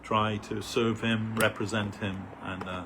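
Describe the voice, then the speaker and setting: A man giving an earnest devotional sermon at a festival, pausing often with "uh" as he searches for words. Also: lowish voice, little pitch movement, background noise. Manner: earnest, halting, many "uh" pauses.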